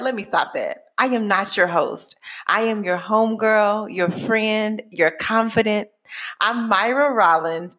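A Texas woman in her forties, with a Texan accent and a medium-pitched voice, opens her own podcast as host. She sounds lively, playful, and enthusiastic, putting strong emphasis on her words.

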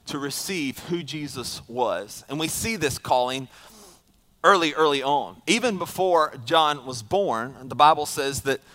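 A man's voice: fairly high pitch, lively intonation, a little slow, fairly bright tone. A male pastor, preaching a sermon in a conversational storytelling way, asking the congregation questions.

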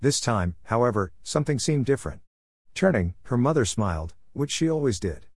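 A man narrating a novel in a measured, descriptive storytelling manner. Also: medium pitch, sing-song, a little mellow, breathy edge, no room sound, clean studio sound. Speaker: audiobook narrator. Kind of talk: scripted narration.

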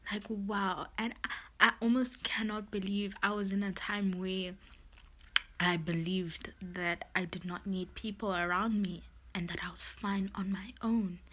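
A woman's voice: medium pitch, level tone, unhurried, fairly bright tone, breathy edge. A woman hosting a podcast, sharing a heartfelt personal monologue while close to tears, filling her talk with "you know" and "literally". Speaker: podcast host.

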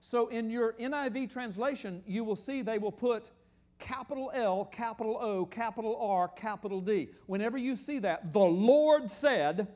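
A man preaching a sermon, animated and emphatic, swinging between loud drawn-out stresses and quiet asides. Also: sits high.

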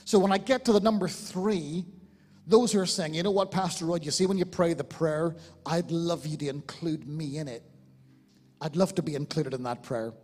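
A man with an Irish accent, the lead pastor of a church, preaching a fervent sermon that swings between loud exclamations and quiet appeals. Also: on the high side, normal speed, big-room sound. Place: large church hall.

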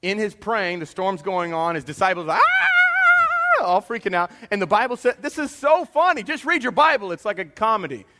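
A man, preaching a sermon with animated bursts and hushed confessional moments. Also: sits high, a little fast, hardly any pauses, noisy background. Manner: animated preaching, drops to a quiet hush for confessions. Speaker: pastor.

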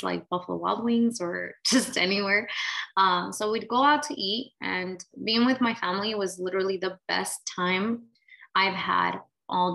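With a mid-range, sharp-toned voice and noticeable vocal fry, this woman, likely late twenties to thirties, tells her own story vlog-style. She's open and casual, leaning heavily on "like" and "right?", and the recording quality is low.

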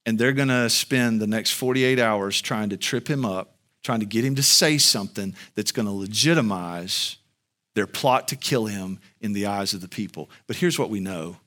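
A man preaching a sermon as pastor, speaking to the congregation in a conversational way and building to loud, high-pitched emphasis. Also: normal speed. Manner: conversational, addresses the congregation directly.

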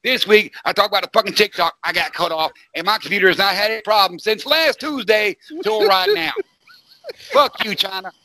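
A man's voice: high-pitched, lively intonation, brisk, creaky, few pauses, pushed and bright, a little hiss or hum. A man hosting a podcast, ranting emphatically in casual talk, repeating himself and swearing constantly. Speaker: podcast host. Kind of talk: profane ranting podcast chat.

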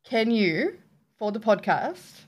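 A woman with an Australian accent, co-hosting a podcast in casual chat, chatty and quick to laugh. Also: on the high side, sing-song. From Western Sydney, Australia. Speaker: podcast co-host.

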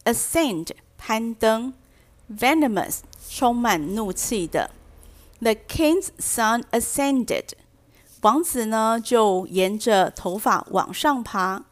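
A woman teaching vocabulary through a storybook, reading each line slowly and then translating and explaining it. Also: on the high side, expressive. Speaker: English teacher. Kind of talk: bilingual storybook lesson.

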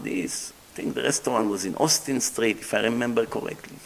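A middle-aged man giving a storytelling sermon as a rabbi, animated, acting out dialogue and mixing in Hebrew terms. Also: mid-range voice, fairly quick, creaky, hardly any pauses, slight background noise. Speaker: rabbi lecturer.

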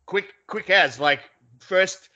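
An Australian man with a bright, forceful voice, swearing his way through a rambling story. He restarts his sentences often, and the recording sounds dull and lo-fi. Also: high-pitched, slow pace. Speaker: podcast co-host. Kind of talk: casual chat.

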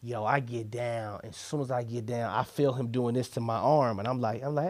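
A young man telling a story in casual chat, animated, laughing and acting out what people said. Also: mid-range voice, normal speed. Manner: animated, laughing, acts out quotes.

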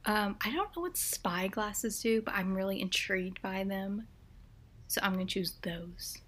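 A young woman in a casual co-hosted chat, talking in a relaxed and chatty way with frequent fillers. Her voice sits at an ordinary medium pitch. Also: measured pace. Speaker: co-host.

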